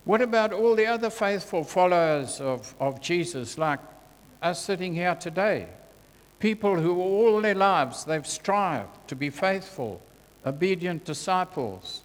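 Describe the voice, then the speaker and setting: Man, sermon, very slow, earnest, reverberant hall. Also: high voice, lively intonation. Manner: earnest, slow and deliberate, dropping soft on scripture quotes. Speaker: preacher.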